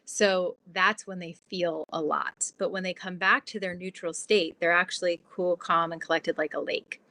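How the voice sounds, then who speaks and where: A woman guest on an interview podcast, explaining her ideas in a lively, chatty way with lots of "like". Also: fairly low pitch, normal speed. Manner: animated, explanatory, fillers like "like". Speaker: guest, transformation guide.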